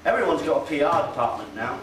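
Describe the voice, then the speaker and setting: Fast-talking and expressive, with a bit bright voice on the high side, he delivers a sardonic, conversational talk to a meeting-hall audience, full of hesitant fillers. The mic sits far off in a roomy hall with faint noise.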